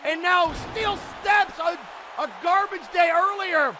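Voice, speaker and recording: High-pitched guy calling a wrestling match, gets loud and hyped, noisy crowd behind. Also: takes it slowly. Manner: excitable, shouting during big moments. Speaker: wrestling commentator. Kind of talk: play-by-play commentary. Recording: crowd and loud background noise.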